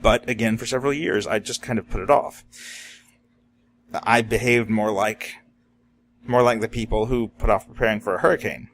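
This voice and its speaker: A man's voice: on the low side, steady tone, moderate pace, pauses often, a little hiss or hum. A man vlogging about disaster preparedness in a casual, unscripted monologue. He talks in a plain, reflective way and often stops to say "you know" and "um". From Florida, USA.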